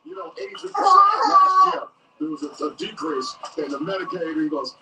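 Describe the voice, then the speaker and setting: A man's voice: high-pitched, wildly swooping pitch, brisk, vocal fry. A man chatting casually and animatedly on a podcast, swearing freely and laughing often. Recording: roomy and distant with background noise.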